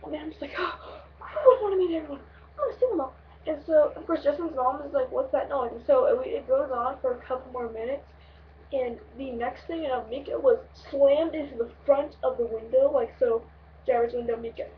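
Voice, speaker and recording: A young woman vlogger telling a long road-trip story in a rambling, excitable way, swearing freely. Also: sits high, fairly quick, distant mic, narrow, tinny audio, a little hiss or hum. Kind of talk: casual storytelling vlog.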